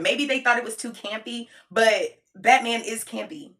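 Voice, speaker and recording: This adult woman with a child reviews a movie for her viewers in a casual, slang-heavy way, stressing points by repeating them. Her voice is on the high side and fairly bright, moving at a moderate pace with hardly any pauses.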